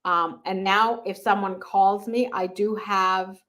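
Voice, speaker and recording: A middle-aged woman from Hungary, chatting as a guest and laughing easily, with short quick answers. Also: medium pitch, steady tone, fairly bright tone. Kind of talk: casual interview chat.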